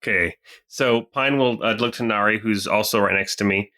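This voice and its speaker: A man playing a tabletop game, calling out his attacks in a brisk, matter-of-fact way. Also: on the low side, sharp tone. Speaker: player.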